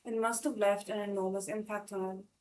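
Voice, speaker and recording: A woman's voice: mid-range voice, level tone, a little fast, low-quality recording. A woman hosting a live read-along of a novel, narrating steadily with frequent small slips and restarts. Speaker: channel host and reader.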